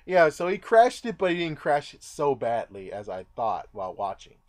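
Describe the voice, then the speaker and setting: A man's voice: medium pitch, sing-song, moderate pace. A man casually recapping a movie in a rambling way, now and then acting out the characters' lines. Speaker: movie reviewer.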